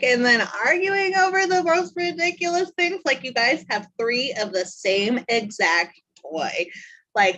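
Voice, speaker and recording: Mother on a group call, high and very animated, exasperated and chatty. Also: rough recording. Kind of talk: casual group video call chat.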